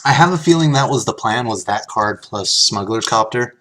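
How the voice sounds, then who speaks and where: A man's voice: on the low side, lively intonation, moderate pace, bright, forceful tone, slight background noise. A man casually chatting on a live stream, reading card text aloud and thanking viewers as he opens packs.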